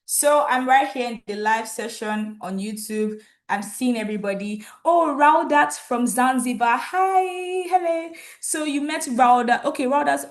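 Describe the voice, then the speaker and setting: A woman with a fairly high voice hosts an online graduation ceremony. She talks into a computer mic and keeps the energy up, reading out names from the comment feed with delight. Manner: enthusiastic, reads out viewer comments and names. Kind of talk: lively live-stream hosting.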